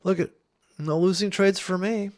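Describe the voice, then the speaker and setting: A man's voice: high-pitched, fairly even intonation, normal speed. An older man running a forex trading channel, ranting with profanity and mockery in a rambling, scornful way while trading. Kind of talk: ranting commentary over live trading.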